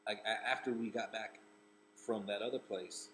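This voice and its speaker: Speaking at an ordinary pace with fairly level intonation, this low-voiced Rhode Island comedian-actor meanders through a personal anecdote, looping back and starting lines over. His tone is a bit bright, and the rough recording has a soft hiss of background noise.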